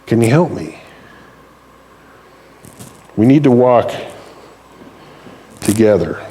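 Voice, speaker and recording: Man, pastor, sermon, casual and joking, mid pitch. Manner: conversational, humorous, acts out quotes.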